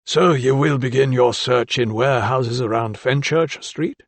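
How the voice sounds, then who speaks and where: A man voicing an elderly anatomist in an audiobook, gruff and blustering, with a raised, slow, drawn-out delivery. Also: mid-range voice, no room sound, natural voice. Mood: insistent, commanding.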